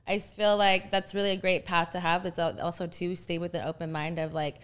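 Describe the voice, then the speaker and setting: A woman's voice: fairly low pitch, little pitch movement, a little fast, clean tone. A woman hosting a casual interview, who asks questions in an encouraging, rambling way. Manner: encouraging, rambling, fillers like "you know what I mean". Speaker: host.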